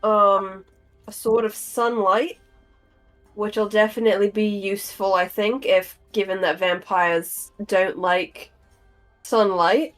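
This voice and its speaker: A woman's voice: medium pitch, fairly even intonation, slow pace, fairly bright tone, soft background music, rough recording. A woman playing a tabletop game, casually thinking aloud over her notes with many fillers. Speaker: player and note taker.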